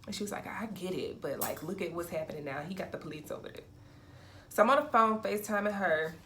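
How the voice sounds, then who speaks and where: A woman's voice: on the low side, fast talker, a bit bright, a little hiss or hum. A young woman vlogger telling a casual storytime, acting out quotes and laughing often.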